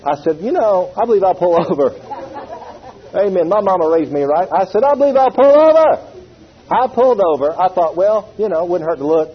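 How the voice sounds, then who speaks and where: A man's voice: sits high, brisk, a faint crowd. A middle-aged man preaching a sermon, telling stories with acted quotes and calling on the congregation to respond. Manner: animated storytelling with acted quotes and call-and-response. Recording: dull lo-fi sound.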